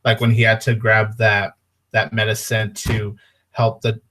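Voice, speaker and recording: A man's voice: fairly low pitch, level tone, measured pace, pushed and bright. A man chatting casually as a guest on a movie podcast, with lots of fillers and an agreeable manner.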